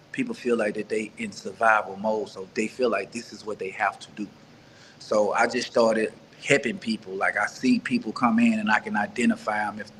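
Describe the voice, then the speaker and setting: A man from Mississippi telling his life story as an interview guest, earnest and halting, often restarting and repeating words. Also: lowish voice, fairly bright tone, a little hiss or hum, low-quality recording. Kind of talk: personal life story in conversation.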